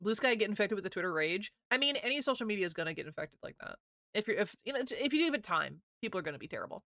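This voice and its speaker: A woman's voice: mid-range voice, expressive, fairly bright tone, no echo, studio quality. Giggly chatty woman streamer. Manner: giggly, laughs often, quick and chatty. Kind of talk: casual chat with viewers.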